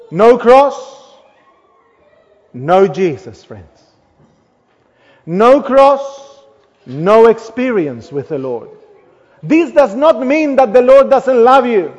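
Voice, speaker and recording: A man with a strikingly high voice preaches a sermon, pressing his points hard and then letting each phrase fade to a hush. The recording is dull and lo-fi, with a long reverb from the church hall. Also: expressive, slow pace, pauses often. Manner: emphatic, trailing off softly at phrase ends.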